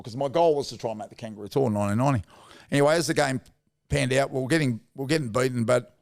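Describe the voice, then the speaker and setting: A man's voice: mid-range voice, creaky. A man in his fifties with an Australian accent, a former footballer telling blunt, slangy stories as a guest in a casual interview. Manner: blunt, laddish yarn-telling with slang and swearing. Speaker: guest, former rugby league player.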